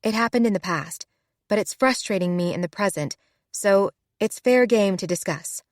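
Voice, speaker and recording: A woman voicing an expressive young woman in a romance audiobook, close and dry. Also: medium pitch, normal speed, no room sound, natural voice. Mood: earnest. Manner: animated, shrieks when startled. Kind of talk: audiobook character voice.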